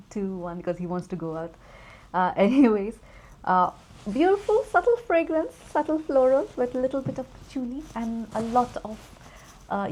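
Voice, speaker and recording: A woman's voice: mid-range voice, a little mellow. A woman chatting casually through a perfume review, rambling and easily distracted.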